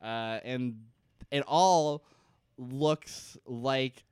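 A man's voice: mid-range voice, extremely slow, darkish tone, clear, resonant tone, dry recording, studio quality. A man co-hosting a podcast in a casual comedic chat, jokey and swearing freely. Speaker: podcast co-host.

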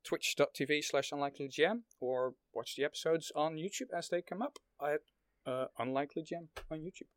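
A man's voice: on the high side, fairly quick, no echo. A man on a casual podcast, a game master plugging his streams, talking hesitantly with many fillers.

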